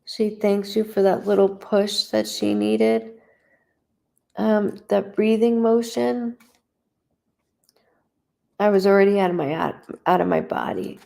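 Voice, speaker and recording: Gravelly-voiced woman giving a psychic reading. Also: mid-range voice, fairly even intonation, takes it slowly, long pauses, darkish tone. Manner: emotional, conversational, relays quotes in a lifted voice. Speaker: psychic medium. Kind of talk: live-streamed psychic reading.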